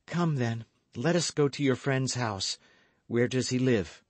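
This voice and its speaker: A man's voice: mid-range voice, unhurried, dry recording, pitched above the performer's own voice, close to an everyday voice. A man voicing an anxious, frightened young Frenchwoman in an audiobook reading, speaking urgently and pleadingly.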